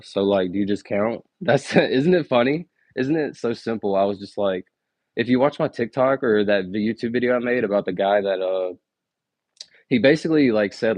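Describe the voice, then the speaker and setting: Low flat-voiced young man streaming. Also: dry recording, highs cut off. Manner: rapid, low-key counting broken by chatty asides with many "like"s. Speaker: livestreamer. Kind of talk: live stream counting and chatting with viewers.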